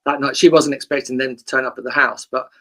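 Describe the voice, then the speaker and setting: A man's voice: mid-range voice, little pitch movement, quick pace, sharp tone. A man hosting a podcast, asking rambling questions and telling his own anecdotes in casual chat. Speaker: podcast host.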